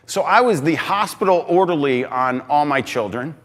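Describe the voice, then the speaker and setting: Excitable man talking in a big hall. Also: a little high, normal speed, few pauses. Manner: excitable, emphatic, swings between loud bursts and quieter asides. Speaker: speaker giving a talk. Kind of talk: energetic stage talk. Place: large hall on stage. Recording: reverberant hall.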